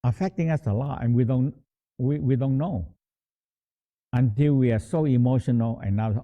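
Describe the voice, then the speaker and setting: Man teaching meditation over a tinny line. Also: mid-range voice. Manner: halting, repeats words, slow explanatory phrasing. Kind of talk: instructional talk guiding a meditation practice. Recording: tinny phone-like sound.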